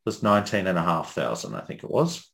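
An Australian man with a low voice recounts his day on a casual podcast. He pauses a lot, uses fillers and stops to correct himself. His delivery stays relaxed and unpolished. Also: creaky. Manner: hesitant, self-correcting, with many fillers. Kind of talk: casual chat.

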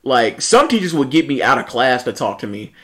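A young man in casual chat, telling lively stories, mimicking people and laughing often. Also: mid-range voice, brisk. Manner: animated storyteller, mimics people, laughs a lot, swears.

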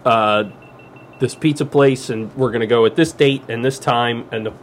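Man, podcast co-host, crude storytelling, average pitch, faint background noise. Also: moderate pace. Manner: storytelling, swearing, quoting others in voices. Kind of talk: casual crude podcast banter.

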